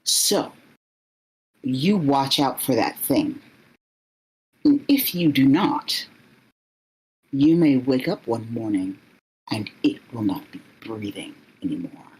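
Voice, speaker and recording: A woman voicing a jealous co-wife who makes quiet, veiled threats at a slow pace. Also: rumbling low, sing-song, slightly rough, heavily acted, low-quality recording. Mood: menacing.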